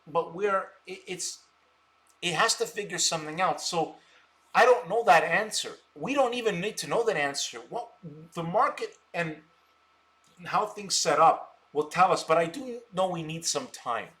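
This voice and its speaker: A man rants on a stock trading live stream in a high, bright voice. He boasts and mocks his viewers scornfully, breaking into loud laughter. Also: lively intonation, normal speed. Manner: scornful, boastful, mocking insults; bursts of loud laughter and shouting. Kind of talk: ranting live stream talk.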